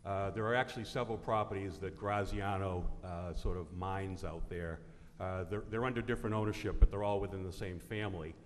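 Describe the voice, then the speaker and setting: A man's voice: low voice, fairly even intonation, brisk. A man speaking as a town official, explaining a matter hesitantly with frequent fillers. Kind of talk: explaining at a public meeting. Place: large town meeting hall. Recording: echoey hall, faint room noise.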